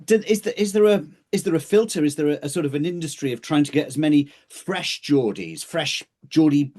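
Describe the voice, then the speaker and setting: A man's voice: a little high, brisk, darkish tone. A man co-hosting a podcast chat, playful, stumbling over restarts as he asks questions. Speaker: podcast co-host. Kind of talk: casual chat.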